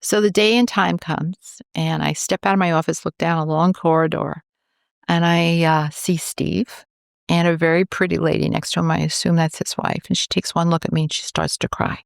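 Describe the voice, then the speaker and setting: A woman's voice: fairly low pitch, moderate pace, gravelly, no echo, studio quality. A woman from New York, a cancer researcher, telling a story in a podcast interview and acting out the voices of the people in it. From New York, USA. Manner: animated, acts out quoted dialogue.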